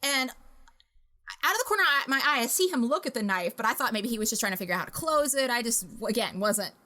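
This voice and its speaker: Bright-voiced young woman telling wild stories. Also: a little high, brisk. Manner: animated, profane, laughing storyteller. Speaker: podcast host. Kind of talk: casual storytelling chat.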